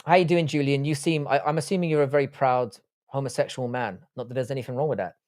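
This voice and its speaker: A man's voice: mid-range voice, fairly even intonation, quick pace, darkish tone, no room sound, studio quality. A man in his forties who grew up in England, hosting a live stream and reading viewer comments in crude, profane banter.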